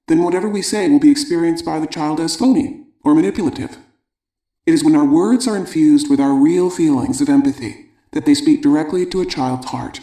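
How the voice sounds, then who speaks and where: Calm, measured male audiobook narrator, mellow and slightly high. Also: roomy sound.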